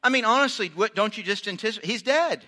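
A man's voice: high-pitched, expressive, fast, bright, forceful tone. A man preaching a sermon, reading scripture aloud and adding chatty, joking asides for his congregation. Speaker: pastor.

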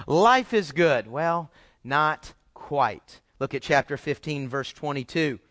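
A man's voice: high voice, a bit bright, dry recording. A middle-aged man preaching a sermon as a pastor, emphatic and full of rhetorical questions to the congregation.

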